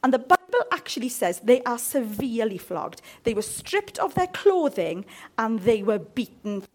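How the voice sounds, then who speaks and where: A woman's voice: fairly high pitch, normal speed. A woman preaching a sermon and reading scripture, often checking in with her congregation. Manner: animated, asks the congregation for responses. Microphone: handheld mic.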